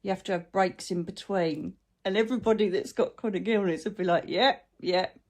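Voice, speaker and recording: A woman's voice: mid-range voice, brisk. Chatty woman vlogging. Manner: chatty, rambling, warm-hearted anecdotes. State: chronic illness, brain fog. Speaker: spiritual channel host. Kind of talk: casual heartfelt vlog chat.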